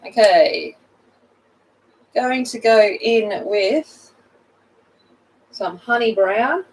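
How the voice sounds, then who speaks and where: On her coloring livestream, a chatty host talks casually, greets viewers by name, and laughs at herself. She speaks extremely slowly with frequent pauses in a medium-pitched voice, and the poor recording has a distant mic and slight background noise.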